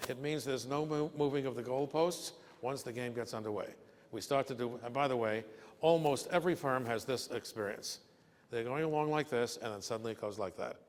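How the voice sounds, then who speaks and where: A man's voice: mid-range voice, a little fast. Older man, keynote lecture, folksy anecdotes, joking asides, reverberant hall. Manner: folksy, joking storyteller who asks "okay?" often. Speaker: keynote speaker. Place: breakfast event hall. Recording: echoey hall with long reverb.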